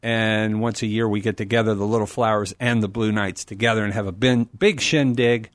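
A man's voice: lowish voice, fairly even intonation, brisk, dry recording. Enthusiastic middle-aged man, dry studio. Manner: enthusiastic, rambling, preacherly. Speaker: guest. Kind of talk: casual radio talk.

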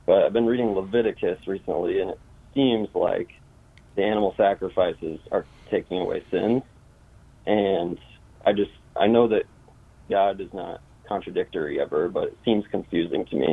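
A man's voice: deep voice, moderate pace, gravelly, breathy edge. A man calling in to a radio show, asking his question hesitantly over the phone. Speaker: caller. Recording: tinny phone line.

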